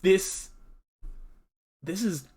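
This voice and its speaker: Young man, gaming commentary, frustrated, swearing, slightly high voice, faint background hiss. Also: drawn-out words. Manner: frustrated, swearing, yelling outbursts then muttering. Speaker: gaming streamer. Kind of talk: let's play commentary.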